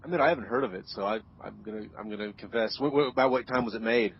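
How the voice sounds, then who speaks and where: A man's voice: on the low side, slight background noise. A man hosting a casual group chat, rambling and correcting himself as he goes. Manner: rambling, self-correcting, quick to laugh. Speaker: podcast host. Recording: dull lo-fi call audio.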